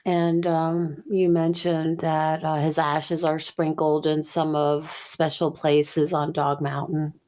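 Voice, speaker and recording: A woman interviewing a guest, gentle and encouraging with soft affirmations. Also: deep voice, flat delivery, slow, few pauses.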